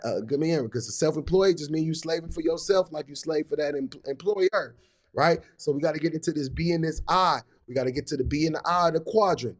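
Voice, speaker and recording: Hyped man coaching on a live stream. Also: on the high side. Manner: hyped, repetitive, casual slang. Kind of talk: motivational live talk.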